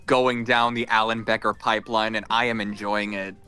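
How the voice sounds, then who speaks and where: A man's voice: on the low side, flat delivery, moderate pace, bright, forceful tone, clear, resonant tone. A man chatting as a guest on a casual panel, filling his sentences with "like". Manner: filler-heavy, says "like" constantly. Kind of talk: casual group chat.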